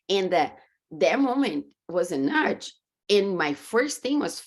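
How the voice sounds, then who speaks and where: A fairly low-pitched woman with a Brazilian Portuguese accent speaks slowly. She is a coach guesting on a podcast via video call, and in this conversational interview she earnestly relays faith-driven stories, animatedly acting out how she responded.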